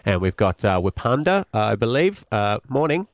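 Expressive forty-year-old male radio host. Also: lowish voice, normal speed, no echo, clean studio sound. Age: 40s. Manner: friendly, encouraging. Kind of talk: breakfast radio banter.

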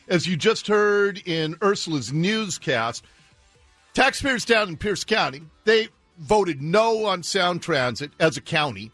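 A man hosting a radio talk show, animated and opinionated, ranting with sarcasm. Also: high-pitched, slow pace, no room sound, soft background music. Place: radio studio.

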